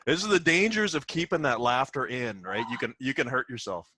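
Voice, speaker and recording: Lively man hosting a chat. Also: medium pitch, fairly quick, a little hiss or hum. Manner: chatty, frequent short backchannels. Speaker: podcast host. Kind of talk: casual interview chat.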